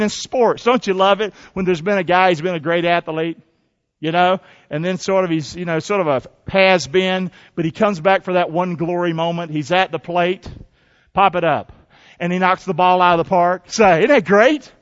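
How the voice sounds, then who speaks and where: A man preaching a sermon as pastor, energetic and folksy, calling on the congregation to answer and repeat after him. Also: high-pitched. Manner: energetic, call-and-response preaching with folksy asides. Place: church. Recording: dull lo-fi church recording with long reverb.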